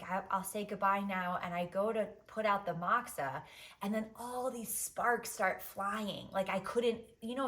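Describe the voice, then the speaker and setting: A woman's voice: lowish voice, fairly bright tone. A woman podcast host telling a candid personal story, emotional and profane, with many "like"s. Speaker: podcast host giving advice.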